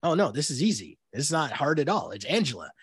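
A man with a slightly high, husky voice chats eagerly on a podcast, laughing often and slipping into mock voices for quotes. The sound is dry and close, with no room around him. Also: sing-song, brisk, a bit bright, no echo. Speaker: podcast co-host. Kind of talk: casual chat recapping a reality show.

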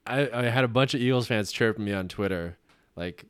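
A man's voice: fairly low pitch, fairly quick, smooth. A man in casual sports podcast chat, swearing freely, ranting and acting out mock conversations. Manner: profane, ranting, acts out mock dialogue. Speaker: podcast co-host.

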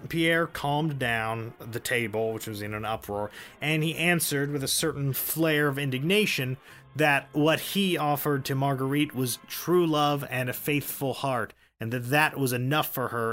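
Male podcast host, casual storyteller, dry jokes, mid pitch. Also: normal speed, a bit bright, faint music behind. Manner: wry, joking asides.

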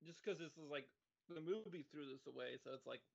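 A man's voice: a little high, a little fast, creaky, darkish tone. A young man in casual comedic talk about a movie, rambling wryly with lots of fillers. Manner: rambling, filler-heavy, wry. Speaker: podcast co-host. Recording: slightly dull audio.

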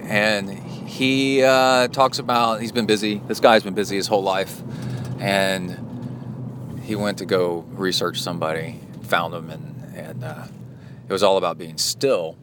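Low-voiced guy podcasting from his car, rambly casual chat, loud road noise behind. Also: fairly even intonation, measured pace. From United States. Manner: rambling, tangent-prone, self-correcting. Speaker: podcast host. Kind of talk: casual solo podcast talk. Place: inside a moving car.

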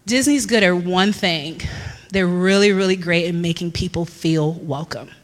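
A woman in her thirties telling a lively personal story to a church congregation, laughing often and acting out what people said. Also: lowish voice, moderate pace, in a large hall. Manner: animated storyteller, laughs often, acts out quotes. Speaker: church speaker. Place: church hall.

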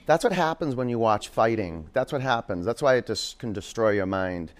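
A man's voice: medium pitch, expressive, normal speed. A man teaching a live yoga class in a studio, giving pose cues and chatting with jokey asides to his students.

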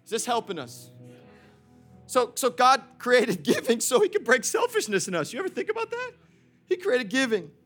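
Young pastor guy preaching, high voice, sharp and bright, laughs a lot, keyboard music faint behind. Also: normal speed. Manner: animated, swings from loud preaching to quiet storytelling; laughs often, talks to the congregation. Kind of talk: sermon.

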